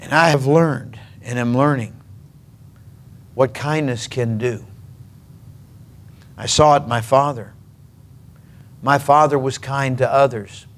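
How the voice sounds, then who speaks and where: A man from Minnesota preaching a sermon, telling stories earnestly and emphatically with dramatic pauses. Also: medium pitch. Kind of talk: sermon storytelling.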